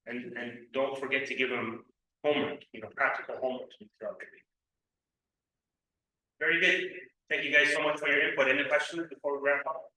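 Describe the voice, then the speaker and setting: A man's voice: mid-range voice, level tone, fairly quick, sharp tone. A man leading a youth ministry class, affirming and encouraging the students. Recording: echoey room, mic far off, faint noise.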